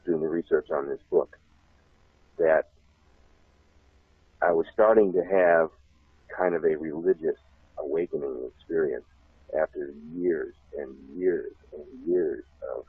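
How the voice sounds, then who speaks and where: Deep husky man on a phone line. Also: a little slow, pauses often, no room sound. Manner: laughs often, repeats himself, animated. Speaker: guest. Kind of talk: rambling personal storytelling. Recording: tinny phone line, dry.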